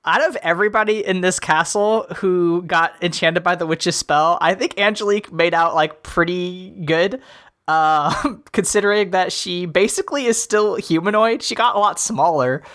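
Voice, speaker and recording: A young man co-hosting a podcast in casual chat, animated and laughing, slipping into silly voices when he quotes characters. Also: high-pitched, normal speed, clear, resonant tone. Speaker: podcast co-host.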